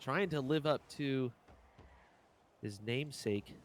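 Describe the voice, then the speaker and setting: A man doing live play-by-play esports commentary, excitable and jokey, his voice jumping up on big plays. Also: slow pace, slight background noise. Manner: excitable jumps in pitch, jokey asides.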